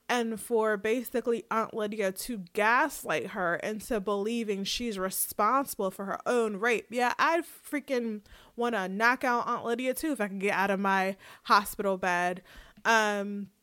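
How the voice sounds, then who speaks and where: A woman co-hosting a casual chat, retelling a TV episode in an animated storytelling way with laughs. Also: mid-range voice, measured pace, dry recording, clean studio sound. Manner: lively storytelling recap with quoted voices and laughs. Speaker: podcast co-host recapping a TV episode.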